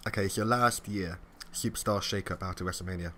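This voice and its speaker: A young man chatting casually as co-host of a wrestling review podcast, laughing often and mimicking people in quick asides. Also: low-pitched, pushed and bright, slight background noise.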